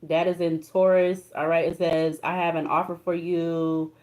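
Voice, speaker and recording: Casting: young woman, lowish voice, casual tarot reader, emotional and colloquial. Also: flat delivery, a little slow, a little mellow. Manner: reads card texts aloud, emotional, colloquial.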